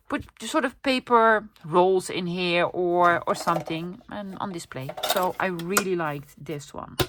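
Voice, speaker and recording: A woman's voice: mid-range voice, sharp tone. A woman from the Netherlands, chatting casually to camera as she shows off her thrift-store haul and coos over the pictures. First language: Dutch. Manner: chatty and enthusiastic, cooing over finds. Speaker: vlogger showing a thrift haul.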